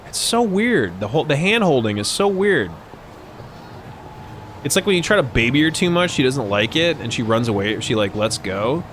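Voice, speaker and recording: A man's voice: medium pitch, very animated, moderate pace, a bit bright, a little hiss or hum. A man streaming a video game live, commenting in a rambling, jokey and profane way.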